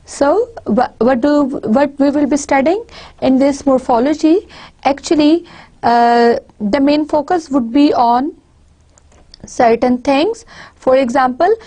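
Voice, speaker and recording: A woman with a Pakistani accent teaching a university lecture in a high voice. She explains patiently step by step, breaking off and restarting her sentences as she gives spoken examples. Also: slow pace, dark tone.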